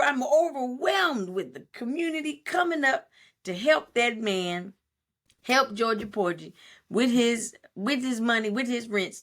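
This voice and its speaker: A woman co-hosting a podcast, telling a story in casual chat, animated and profane. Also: on the high side. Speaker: podcast co-host.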